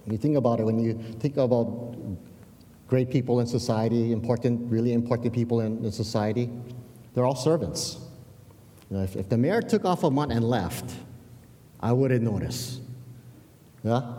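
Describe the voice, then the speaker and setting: A man's voice: medium pitch, normal speed, pauses often, warm tone, long reverb tail. A man preaching a sermon in a conversational way, often restarting words and checking in with "yeah?". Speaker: pastor.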